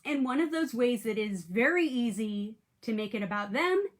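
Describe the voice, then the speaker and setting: A woman's voice: fairly high pitch, expressive, normal speed. A woman coaching direct sellers in a casual, chatty way, acting out sample messages with emphasis. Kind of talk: casual instructional talk to camera.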